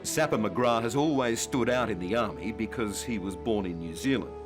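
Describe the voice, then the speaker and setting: A man narrating a TV current affairs story in a measured, storytelling way. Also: on the low side. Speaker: reporter narrator. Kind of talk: scripted TV narration. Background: music underscore.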